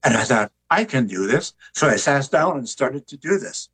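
An older man, an author and artist, talking in an interview with a relaxed, joking storytelling manner. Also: mid-range voice, moderate pace, husky, rough recording. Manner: relaxed storyteller who jokes.

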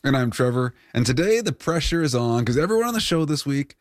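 A man's voice: medium pitch, very animated, quick pace, soft background music. A man co-hosting a radio show, bantering in a jokey way and musing on ideas. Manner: upbeat, jokey, reflective.

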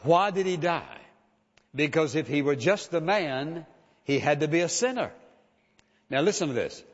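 A man's voice: fairly high pitch, animated, moderate pace. A man preaching a sermon as pastor, emphatic and driving his points home with rhetorical questions and repetition. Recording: dull lo-fi sound with long hall reverb.

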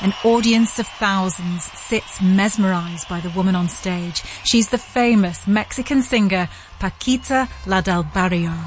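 A woman giving scripted narration as a podcast host, vivid and measured. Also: mid-range voice, slight background noise.

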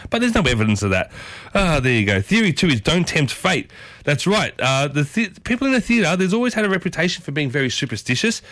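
A man's voice: a little high, very animated, fairly quick, fairly bright tone, dry recording. A man hosting a community radio morning show, chatty and enthusiastic, often repeating himself. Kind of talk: casual radio talk.

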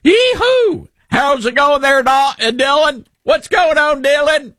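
A man's voice: animated, takes it slowly, sharp tone, dry recording, clean studio sound, heavily acted. A man putting on an exaggerated Southern accent to play a rowdy, whooping country hick. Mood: rowdy folksy. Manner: whooping, folksy, high-pitched.

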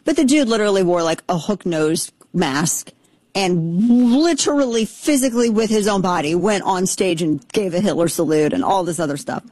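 A woman's voice: on the low side, lively intonation, normal speed, a little mellow, no echo. A woman in her thirties hosting a talk show, giving casual political commentary with rambling asides and blunt sarcasm. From Texas.

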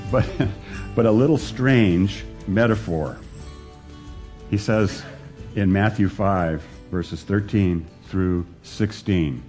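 A pastor with a dark-toned voice preaches a sermon to a live church congregation. He poses questions to his listeners and climbs to emphatic high peaks.

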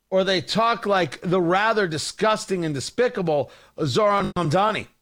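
A man's voice: sits high, a bit bright. A man hosting a talk show, delivering an impassioned, sarcastic opinion monologue.

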